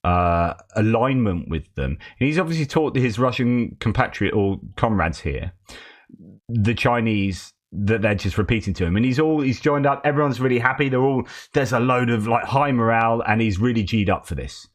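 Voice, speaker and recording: A man's voice: medium pitch, animated, moderate pace. A man hosting a news commentary show, talking in a wry, sarcastic way. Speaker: host.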